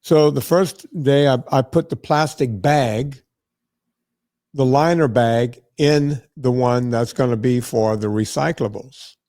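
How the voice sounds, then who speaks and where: A man's voice: medium pitch, slow pace, dark tone, no echo, studio quality. A man hosting a podcast, telling a story in a casual, profane, exasperated way. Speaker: podcast host.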